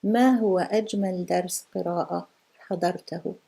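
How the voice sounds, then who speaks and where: A woman's voice: fairly low pitch, steady tone, racing, creaky, dark tone, slightly rough. A middle-aged woman teaching a live online language lesson, patiently repeating questions and praising answers.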